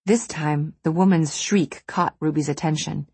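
A woman reading a novel aloud in measured, steady scripted narration. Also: deep voice, breathy edge, dry recording. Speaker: audiobook narrator.

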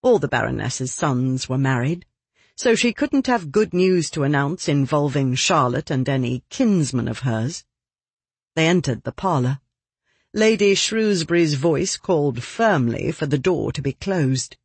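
Husky, expressive audiobook narrator. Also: no echo. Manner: expressive storytelling with lively pitch. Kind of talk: scripted narration of a period novel.

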